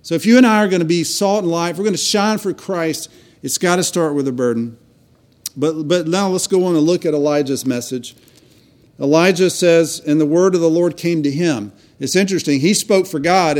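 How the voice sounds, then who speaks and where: A pastor preaching in earnest, his voice sitting a little high for a man. He tells his story with frequent restarts, circling back over his words as he goes. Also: normal speed, a little mellow. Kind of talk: sermon.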